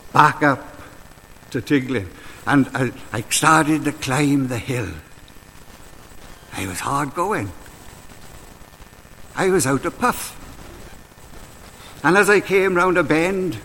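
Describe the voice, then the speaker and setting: A man giving a slow, reflective devotional talk and prayer while out on a walk. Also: mid-range voice, a bit bright, in a large hall, poor audio. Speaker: preacher. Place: outdoors on a walk.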